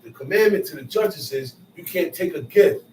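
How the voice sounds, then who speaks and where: Bible teacher, male, slangy paraphrasing, higher voice, distant roomy recording. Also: normal speed. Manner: explains verses in casual slang, repeats and paraphrases, lively rises. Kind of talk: street-style scripture teaching. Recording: roomy echo, far from mic, faint noise.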